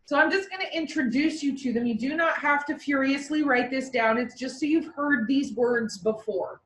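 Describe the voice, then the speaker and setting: High-voiced woman lecturing in an echoey classroom. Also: normal speed, recorded from a distance, a little hiss or hum. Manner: playful, uses military metaphors and mock voices. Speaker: teacher. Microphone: far from the mic. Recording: echoey classroom recorded from afar.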